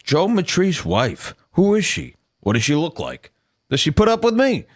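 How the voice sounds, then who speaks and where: A man's voice: fairly high pitch, huge pitch swings, moderate pace. A man hosting a podcast, giving casual, mocking commentary over a clip and laughing often. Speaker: podcast host.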